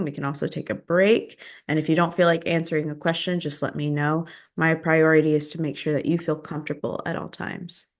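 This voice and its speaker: A woman with a fairly low voice hosts an interview podcast. She puts her questions carefully, in a gentle and reassuring manner. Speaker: podcast host.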